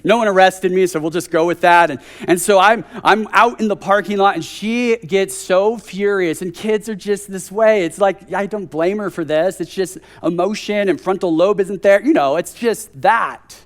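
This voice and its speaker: Man, high voice, preacher, chatty sermon, joking asides, church service. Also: normal speed, hardly any pauses. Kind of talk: conversational sermon.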